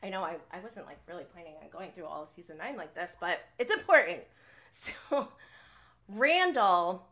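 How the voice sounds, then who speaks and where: Bright-voiced chatty woman recapping reality TV. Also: mid-range voice. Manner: chatty, animated, swings between muttering asides and heated rants. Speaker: podcast host. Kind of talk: casual live recap chat.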